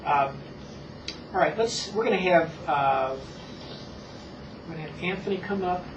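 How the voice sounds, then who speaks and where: A reading instructor models a lesson for a small child, speaking in slow, exaggerated words and repeating them calmly. Her middle-pitched voice sounds far away in an echoey room, captured on dull, muffled old tape full of hiss.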